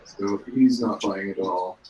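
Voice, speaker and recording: A man's voice: lowish voice, normal speed, mellow, slight background noise. A man narrating a tabletop game as game master in a loose, chatty way, full of fillers. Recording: roomy, distant mic.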